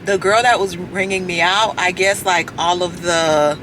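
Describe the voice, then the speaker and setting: A woman's voice: fairly low pitch, unhurried. A woman chatting casually to her vlog camera from her car. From Florida. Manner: chatty, animated storytelling, calls people baby. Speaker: vlogger. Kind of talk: casual chat to camera while driving. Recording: road noise from the car.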